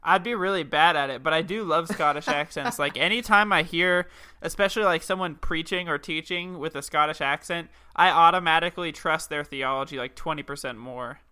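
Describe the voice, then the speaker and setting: A man's voice: fairly high pitch, fairly quick, pushed and bright, clear, resonant tone. A young man co-hosting a podcast, bantering and joking casually. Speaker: podcast co-host. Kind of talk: casual chat.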